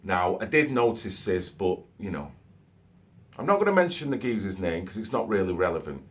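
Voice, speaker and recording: A man's voice: low-pitched, sing-song, moderate pace. A man, talking in a loose, conversational monologue and adding "okay?" and "so to speak" as he goes. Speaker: vlogger. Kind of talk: casual monologue to camera.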